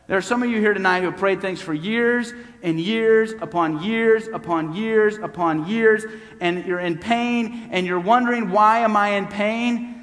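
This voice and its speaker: A man's voice: high voice, fairly bright tone. A man preaching a sermon as pastor, with an emphatic, repeating cadence that builds on phrases. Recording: long hall reverb.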